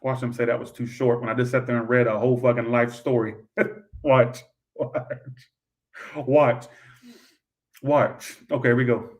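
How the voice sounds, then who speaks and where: A man doing a live tarot reading, blunt and profane, breaking into loud outbursts now and then. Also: medium pitch, flat delivery, fast talker, few pauses, distant mic. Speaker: tarot reader.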